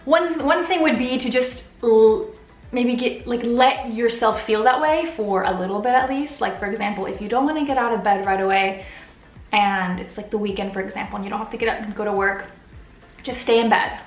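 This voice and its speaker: A woman's voice: a little high, a little fast, reverberant, soft background music. A woman YouTuber answering viewer questions in a casual, earnest way, getting emotional as she talks. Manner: open, earnest, gets emotional. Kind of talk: casual Q and A vlog.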